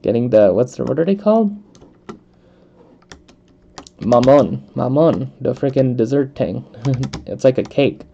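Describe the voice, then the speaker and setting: A man's voice: mid-range voice, very animated, normal speed, creaky, mellow, a little hiss or hum. A young man from the United States chatting casually while playing a video game, rambling with lots of fillers and frequent laughs. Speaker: let's play host. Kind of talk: casual chat while gaming. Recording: dull lo-fi microphone.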